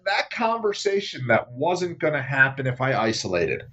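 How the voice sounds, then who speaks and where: A man's voice: medium pitch, sing-song, normal speed, pushed and bright, poor audio. A man as a podcast guest, sharing personal stories in a candid conversational way and often checking in with "right?". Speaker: podcast guest, app founder. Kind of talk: conversational interview storytelling.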